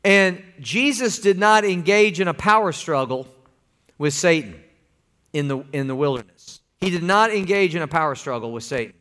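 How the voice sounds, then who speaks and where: A man delivers a sermon from the pulpit. His voice sits a little high and he talks in a folksy, conversational way. He keeps pulling the congregation in, asking them to answer back. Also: animated, normal speed, pushed and bright. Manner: folksy, calls for congregation responses. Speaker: pastor.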